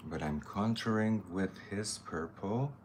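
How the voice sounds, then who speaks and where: A man's voice: low voice, unhurried, darkish tone, a little hiss or hum. A man chatting casually while doing a makeup tutorial, thinking aloud as he works and greeting viewers. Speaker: makeup artist.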